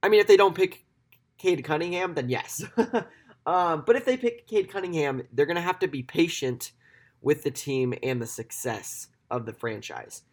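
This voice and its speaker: Chatty man with a higher voice. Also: expressive, normal speed. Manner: chatty, frequent ums, self-correcting. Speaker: basketball draft analyst. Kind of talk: casual solo sports commentary.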